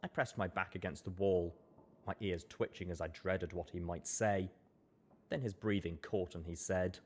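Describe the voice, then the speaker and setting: Low husky male narrator. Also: steady tone, normal speed, darkish tone. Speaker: audiobook narrator. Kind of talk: first-person fiction narration.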